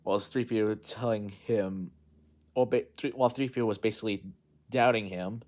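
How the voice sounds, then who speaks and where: Man, lowish voice, loose unscripted movie recap, rambling with lots of fillers and restarts. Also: steady tone, moderate pace, darkish tone. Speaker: movie vlogger.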